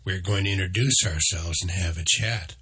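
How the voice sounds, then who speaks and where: A man voicing a small, knowing male meerkat guide who talks in a calm, matter-of-fact way. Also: low-pitched, moderate pace, husky, heavily acted.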